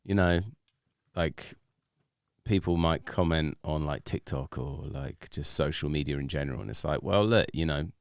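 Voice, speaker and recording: A man's voice: rumbling low, moderate pace, no echo, studio quality. A man, a DJ guest, chatting casually on a podcast, rambling with lots of "like" and restarts.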